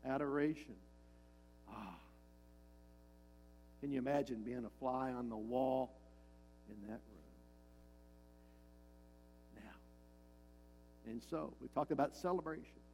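A man's voice: mid-range voice, slow, vocal fry, long pauses, darkish tone, a little hiss or hum, low-quality recording. A male pastor preaching a sermon, emphatic and repeating his key lines, with frequent rhetorical questions to the congregation.

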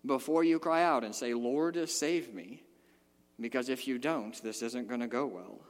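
A man preaching a sermon in a church, animated and emphatic, rising to loud peaks and dropping to quiet asides. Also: medium pitch, a little slow. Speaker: pastor. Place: church sanctuary. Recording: long hall reverb.

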